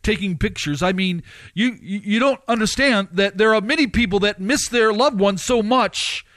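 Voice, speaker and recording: A man preaching and commenting, firing off rhetorical questions with his pitch swinging up and down. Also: moderate pace, a bit bright, no echo.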